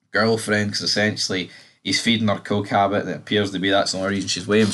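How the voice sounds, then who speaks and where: Male reviewer, lowish voice, loose and profane, off-the-cuff recap energy. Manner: blunt, rambling, swears freely. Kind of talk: casual episode review.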